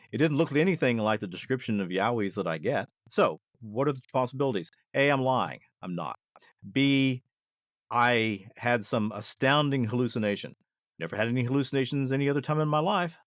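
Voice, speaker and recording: A man sharing personal stories as a podcast guest, with a lively, swinging pitch. He talks casually and reflectively and often restarts his sentences. The recording is dry and close. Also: dry recording. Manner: animated, reflective, with frequent restarts. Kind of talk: casual storytelling.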